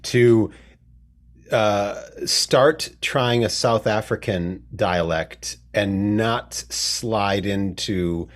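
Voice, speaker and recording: A man hosting a conversation, asking questions in a halting, roundabout way. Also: on the low side. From United States. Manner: hesitant, halting, circles around his questions. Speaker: podcast host. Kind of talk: casual interview conversation.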